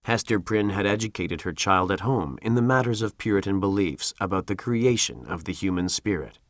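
A man narrating a classic novel as an audiobook, in a steady storytelling voice. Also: sits low, a little fast, no room sound, clean studio sound.

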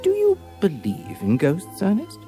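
An actor playing a brisk, eager Victorian gentleman detective, bantering in an upper-class way in an audiobook drama. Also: sits high, wildly swooping pitch, over music, heavily acted.

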